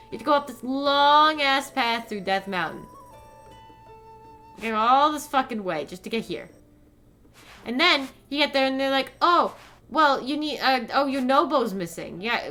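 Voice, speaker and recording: Bright-voiced woman ranting on stream. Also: high voice. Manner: animated, profane ranting with lots of "like". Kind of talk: ranting live-stream commentary.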